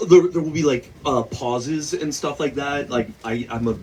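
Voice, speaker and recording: A man, a novelist, talking loosely at a bookstore event, full of "like" and quick laughs. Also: a little high. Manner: rambling, heavy use of "like", laughs often. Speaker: novelist guest. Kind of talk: casual conversation at a book event. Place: bookstore event before an audience. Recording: distant mic with faint noise.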